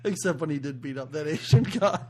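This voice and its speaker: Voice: mid-range voice, brisk, darkish tone, a little hiss or hum. A podcast co-host chatting casually about a film, retelling scenes and acting out the characters' lines between laughs. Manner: storytelling, acts out film quotes and laughs mid-sentence. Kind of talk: casual movie chat.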